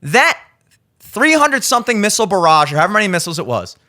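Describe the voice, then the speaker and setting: A man's voice: high voice, big pitch swings, fast, bright, forceful tone. A man in his thirties hosting a podcast, giving blunt, profane opinion commentary and acting out the people he quotes. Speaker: podcast host. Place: studio.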